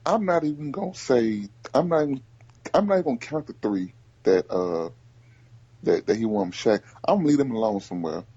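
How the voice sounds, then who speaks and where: A man hosting a casual sports podcast, talking in animated bursts and repeating himself as he makes his point. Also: medium pitch, fairly quick, breathy edge, no echo, dull audio. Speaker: podcast host.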